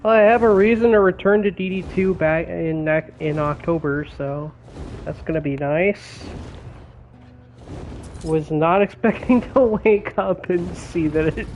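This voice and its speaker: A young man chatting casually while streaming a game, excitable and swearing a lot, with laughs between his words. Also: on the high side, lo-fi sound. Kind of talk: casual gaming stream chat. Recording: faint background noise.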